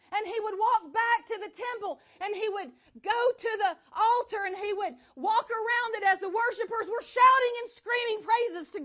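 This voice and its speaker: A woman teaching a Bible class in an animated way, often quizzing her listeners. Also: very high voice, lo-fi sound.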